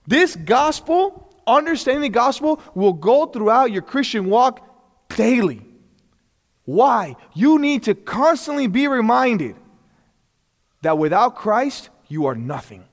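A man's voice: very high voice, very animated, slow, big-room sound. A man teaching a church class in a casual, earnest way, asking rhetorical questions and chuckling between points.

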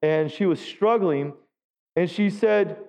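This pastor's voice is high-pitched, mellow and slow as he delivers a conversational sermon in a church sanctuary. He engages the congregation by asking them questions, and the recording sounds dull and lo-fi with long hall reverb.

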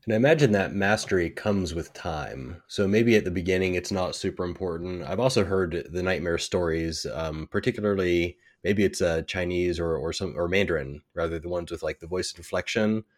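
A man hosting an interview, asking relaxed questions with fillers. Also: low-pitched, normal speed, few pauses. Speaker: podcast host.

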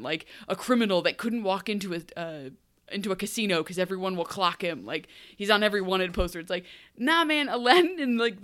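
Woman, podcast co-host, casual chat, animated, quick playful asides, smooth clear voice. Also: medium pitch. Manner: animated, laughs often, acts out characters in quick asides. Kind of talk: casual chat recapping a TV show.

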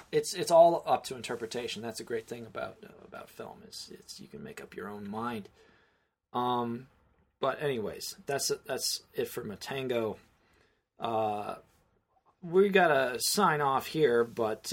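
A man's voice: mid-range voice, breathy edge. A man co-hosting a casual film podcast, rambling through his thoughts with many restarts and fillers. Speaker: podcast co-host.

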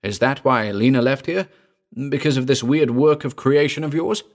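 A man's voice: mid-range voice, moderate pace, pitched above the performer's own voice, lightly acted. A man voicing a stunned male visitor who reacts with gasping disbelief. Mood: incredulous. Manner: gasping, incredulous. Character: stunned young male visitor, awed and uneasy.

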